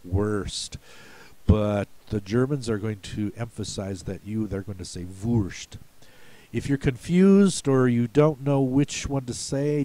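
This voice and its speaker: An American man with a warm voice on the low side patiently walks through word pronunciations for a spelling lesson. As a spelling bee coach, he explains things in a folksy, step-by-step way.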